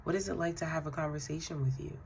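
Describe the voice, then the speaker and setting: A woman doing a spiritual tarot reading. She speaks to the listener directly in a relaxed, affirming way, with fillers and soft laughs. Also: low-pitched, fast talker, creaky, slight background noise. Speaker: tarot card reader.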